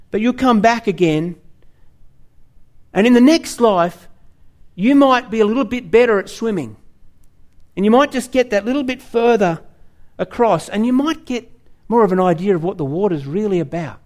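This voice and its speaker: A male preacher voicing a relaxed hippie man who drawls and drifts. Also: high voice.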